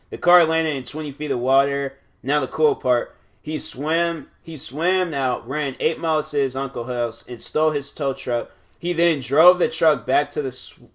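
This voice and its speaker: Bright-voiced young man rambling casually. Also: mid-range voice. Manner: rambling, animated, lots of fillers and restarts. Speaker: podcast host. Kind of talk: casual chat answering questions.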